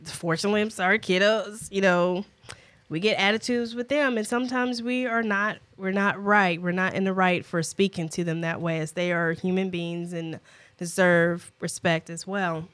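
Relaxed middle-aged woman co-hosting a chat. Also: on the low side, moderate pace, dry recording. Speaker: podcast co-host. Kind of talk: casual chat.

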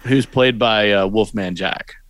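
Low-voiced man in his forties, halting. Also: a bit bright, no room sound. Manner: hesitant, halting, with many fillers. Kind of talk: casual chat.

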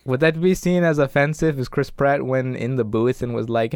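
A young man in casual podcast chat, excitable, laughing a lot and firing off questions. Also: medium pitch, normal speed, clear, resonant tone, no echo, clean studio sound.

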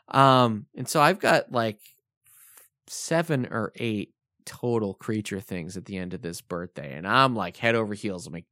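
A man's voice: fairly low pitch, normal speed, no room sound, clean studio sound. A man co-hosting a podcast, telling a childhood story in casual chat and acting out the lines people said. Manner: animated storyteller who acts out quoted lines. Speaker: podcast co-host.

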